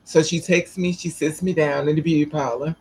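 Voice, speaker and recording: A woman telling a personal story to camera in a blunt, profane, animated way. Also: sits low, a little fast, slight background noise, rough recording. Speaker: vlogger.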